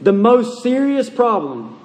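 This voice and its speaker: A man's voice: very high-pitched, big pitch swings, slow pace, a little mellow. A man preaching a sermon to his congregation, pressing them with urgent, repeated questions. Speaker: pastor. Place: church sanctuary. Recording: long reverb of a large hall.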